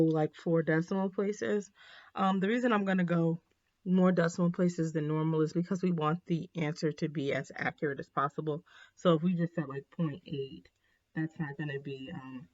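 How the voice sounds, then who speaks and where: A woman teaching a math lesson in a casual, chatty way, with frequent ums and quick apologies for her slips. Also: low-pitched. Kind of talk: recorded classroom lesson. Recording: dull, slightly lo-fi.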